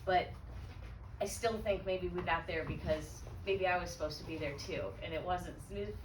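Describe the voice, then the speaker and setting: A woman's voice: on the low side, normal speed, slight background noise. Woman telling her story in an echoey room. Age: 30s. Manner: candid, storytelling, frequent restarts. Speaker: guest speaker. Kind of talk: personal testimony talk. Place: event room. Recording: echoey room, voice from far off, faint ambience.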